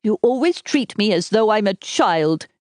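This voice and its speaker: A lovesick, sulky young man from a storybook mystery, as a female narrator puts him on. He whines and pleads with a lively, rising voice. The recording is dry and close. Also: mid-range voice, normal speed, no room sound, voice pushed up, natural voice. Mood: pleading. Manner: whining and pleading.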